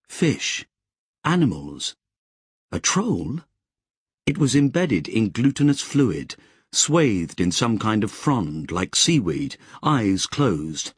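A man narrating an audiobook in a measured, expressive storytelling manner. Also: fairly low pitch, breathy edge, no room sound. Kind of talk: scripted narration.

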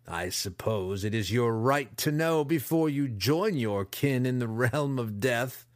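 A man voicing a cruel, disfigured male dark elf wizard in an audiobook, growling and drawing out his words in snarls. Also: mid-range voice, big pitch swings, no room sound, studio quality. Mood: menacing. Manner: growling, roaring, drawn-out snarls. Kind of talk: audiobook character voice.

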